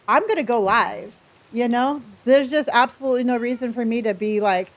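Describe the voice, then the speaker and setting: A woman's voice: on the high side, normal speed. A middle-aged woman chatting casually with viewers on a live stream, bubbly and talkative, greeting and thanking them by name.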